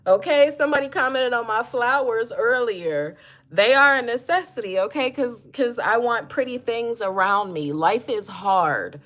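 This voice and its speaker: A woman's voice: a little high, animated, normal speed, a bit bright. A woman, hosting a casual mental health livestream, chatty and encouraging, greeting viewers and reading their comments aloud. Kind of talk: casual motivational livestream talk.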